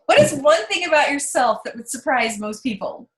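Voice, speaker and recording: A woman's voice: high-pitched, sing-song, moderate pace, a bit bright. A woman hosting an interview, joking and playful in tone. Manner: playful, jokey. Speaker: host. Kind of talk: casual interview chat. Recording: roomy echo.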